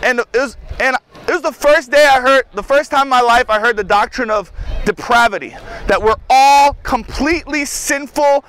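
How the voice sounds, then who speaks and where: A man's voice: extremely high pitch, moderate pace, a bit bright, clean tone, some chatter behind, rough recording. A young man telling his personal testimony outdoors in a casual, rambling way, full of "like" and "you know.". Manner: casual, filler-heavy with frequent "like" and "you know". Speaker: testimony speaker at outdoor worship.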